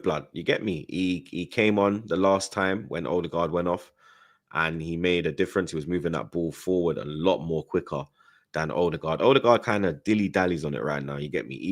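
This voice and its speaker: Low-voiced host, slang-heavy casual football stream chat. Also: male voice. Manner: London slang-heavy, says 'blood' and 'you get me' often.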